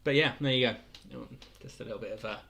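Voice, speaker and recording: A man's voice: mid-range voice, fast talker, gravelly, pushed and bright, slight background noise. A young man casually hosting a weekly livestream quiz, rambling between questions and chuckling often. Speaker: quiz host.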